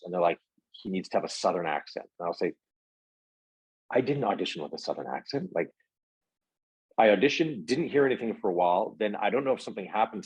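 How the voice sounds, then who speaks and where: A man's voice: deep voice, a little mellow, slightly rough, no room sound, poor audio. A middle-aged man, an actor guest, telling stories in a casual interview with lots of fillers and restarts. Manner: rambling, many fillers and restarts.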